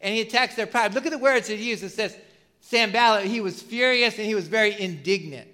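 Bright-voiced man preaching conversationally. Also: sits high, fairly quick. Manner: conversational preaching with rhetorical questions and fillers. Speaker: pastor. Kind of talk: sermon.

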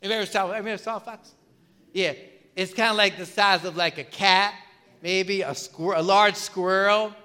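A man preaches a sermon in a loose, talkative way and keeps asking his listeners questions. His voice sits high and sounds bright and forward. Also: steady tone, a little fast, smooth. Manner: conversational preaching with rhetorical questions and fillers. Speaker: pastor.

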